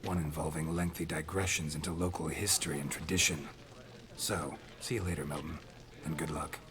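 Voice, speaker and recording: An actor playing a gruff, grizzled male monster hunter who talks in clipped, terse phrases. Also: very deep voice, fairly even intonation, a little fast, a crowd in the background. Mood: curt. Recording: game audio with loud music behind.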